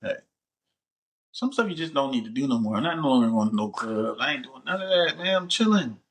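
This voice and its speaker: A man's voice: medium pitch, expressive, fairly quick, a bit bright. A man hosting a casual vlog, joking around in loose, laid-back slang. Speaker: vlog host. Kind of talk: casual chat to camera.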